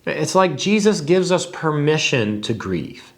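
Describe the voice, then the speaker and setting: A man delivers a Bible teaching in an earnest, reflective way. His voice sits a little high for a man, and he slows down and lingers on key words for emphasis. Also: sing-song.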